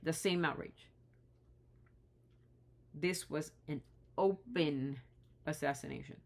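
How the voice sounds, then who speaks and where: A woman's voice: low voice, slow. A woman talking straight to the camera in an impassioned vlog, indignant and pleading, often restarting her sentences. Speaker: vlogger.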